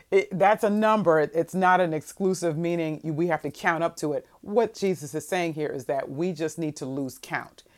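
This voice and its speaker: A woman with a low voice delivers a sermon to her listeners. She reads scripture in a slow, measured way, then swings from quiet reflection into emphatic, rising bursts. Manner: expressive preaching, swings between soft and emphatic. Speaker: preacher.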